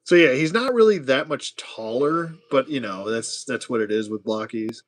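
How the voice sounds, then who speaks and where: A man casually chatting and joking to himself as he builds toy figures on a livestream, sometimes dropping to a hushed whisper. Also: medium pitch, lively intonation, moderate pace, few pauses. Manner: chatty, jokey, talks to himself while building. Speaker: toy collector host.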